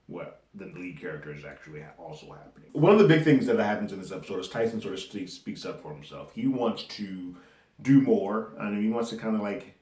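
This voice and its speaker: A man's voice: lowish voice, animated, brisk, a little mellow. A man giving a loose, conversational recap of a TV episode, chuckling now and then as he talks it through. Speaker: movie and TV reviewer. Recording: roomy echo.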